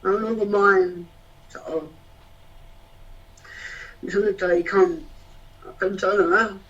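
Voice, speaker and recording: A man's voice: sits high, fairly even intonation, slow pace, fairly bright tone. A man performing spoken word poetry in a rhythmic, rhyming, emotional delivery. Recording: distant, dull lo-fi sound.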